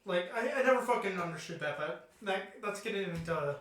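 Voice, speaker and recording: A man's voice: high voice, expressive, brisk, fairly bright tone. A young man co-hosting a podcast, chatting casually in a rambling, profane way. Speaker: podcast co-host. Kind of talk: casual chat. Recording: echoey room, distant mic.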